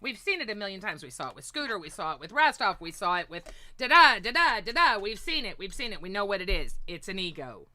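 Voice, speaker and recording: Bright-voiced woman ranting on a livestream, swears a lot, pitch jumps all over, dry close mic. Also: sing-song, fast, hardly any pauses. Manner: profane, ranting, swings to shouting. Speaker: livestream host. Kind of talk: heated livestream rant.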